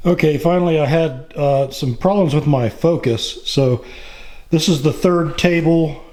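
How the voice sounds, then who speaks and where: A middle-aged man narrating his woodworking project in a casual, plain-spoken way, pausing often with fillers. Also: on the high side, a little mellow. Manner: slow, plain-spoken, with frequent pauses and fillers. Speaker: woodworking channel host.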